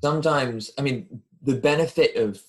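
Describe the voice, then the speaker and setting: A man hosting a podcast, reflecting in a measured way and pausing to find his words. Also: mid-range voice, rough recording. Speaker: podcast host. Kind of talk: casual intellectual conversation.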